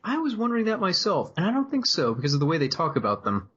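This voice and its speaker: A man co-hosting a comedy podcast, reading movie quotes and comments in a dry, deadpan way. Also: high-pitched, fast, husky, muffled recording. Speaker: podcast co-host. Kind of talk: casual comedic chat, reading quotes aloud.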